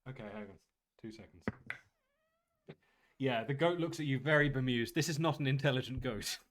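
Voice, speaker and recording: A man in the game master's seat talks through a tabletop session at an ordinary middle pitch. He describes the scene loosely and unhurriedly, stopping often to hunt for words. His tone stays relaxed and conversational. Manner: casual, halting, with many fillers and laughs.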